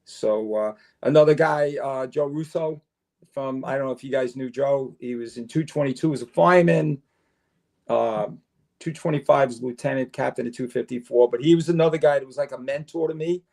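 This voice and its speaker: A retired fire chief, now an older podcast guest, talks a little fast in a creaky, medium-pitched voice. His long stories come alive as he acts out the dialogue in a laid-back storytelling interview.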